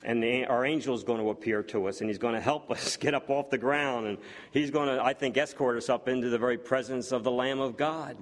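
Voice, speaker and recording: With a mid-range voice and a slightly quick pace, a man delivers a sermon full of fillers and restarts. His earnest tone keeps building until it breaks into excited exclamations.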